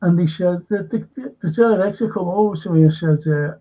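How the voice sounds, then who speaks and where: Husky man, lo-fi sound. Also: sits high, a little fast, hardly any pauses. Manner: rambling storyteller, acts out quotes animatedly. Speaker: show co-host. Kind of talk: casual anecdotal chat. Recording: dull lo-fi sound.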